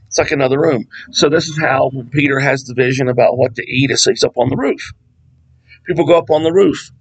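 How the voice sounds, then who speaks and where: A man teaching from the Bible in a loose, conversational way, wandering into asides before reading passages aloud. His voice sits in an ordinary middle pitch with a gravelly, fry-laden edge. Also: low-quality recording. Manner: conversational, digressive, reads scripture aloud. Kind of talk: casual Bible study teaching.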